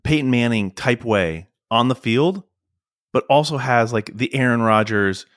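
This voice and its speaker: A man co-hosting a casual podcast, excitable, stammering through restarts and saying "like" often. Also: medium pitch, measured pace, no room sound, clean studio sound. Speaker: podcast co-host.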